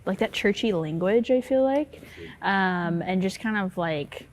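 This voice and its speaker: A woman's voice: medium pitch, lively intonation, measured pace, slight background noise. A woman with a Southern American accent, a co-pastor talking casually in an interview, chatty, laughing easily and searching for words. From Southern United States, Memphis. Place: church on location.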